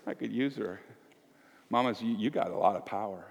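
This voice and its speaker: A man in his fifties preaching a sermon as pastor, conversational and swinging between loud emphasis and hushed asides. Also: on the low side, fairly quick, creaky, husky, big-room sound. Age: 50s. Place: church.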